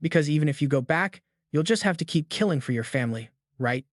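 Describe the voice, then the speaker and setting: A gentle teenage girl healer who speaks slowly and hesitantly, as a man voices her. The pitch sits slightly high, and the sound is dry and close. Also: expressive, dry recording, natural voice. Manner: hesitant, slow.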